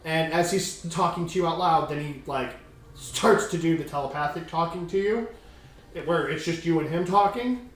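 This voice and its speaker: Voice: medium pitch, moderate pace. A game master narrating a tabletop game in a rambling, scattered way. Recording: roomy, distant mic, faint hum.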